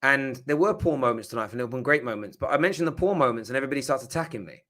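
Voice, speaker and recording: A man's voice: medium pitch, lively intonation, rapid-fire, fairly bright tone. A man hosting a live football reaction stream, talking with passion and emphasis, cursing when riled up. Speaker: football fan channel host.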